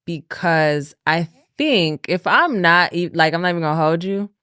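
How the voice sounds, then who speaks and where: Una mujer joven, copresentadora de podcast, habla con franqueza en tono de charla, riendo y frenando para recalcar. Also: female voice, on the low side, lively intonation, fairly bright tone, clean tone, no room sound, clean studio sound. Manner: candid, laughing, slows down to stress points. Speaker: podcast co-host. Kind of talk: casual chat.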